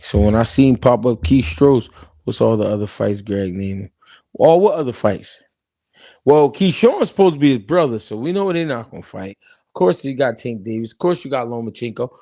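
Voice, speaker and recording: A man's voice: mid-range voice, moderate pace, dry recording, studio quality. A man hosting a live-stream boxing talk show, arguing heatedly and talking to his chat. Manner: heated, animated, talks to chat. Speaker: host.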